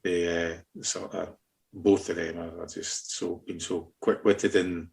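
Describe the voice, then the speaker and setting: A man hosting a podcast, reminiscing fondly in casual chat, speaking in halting phrases. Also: low-pitched, flat delivery, vocal fry. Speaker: podcast host.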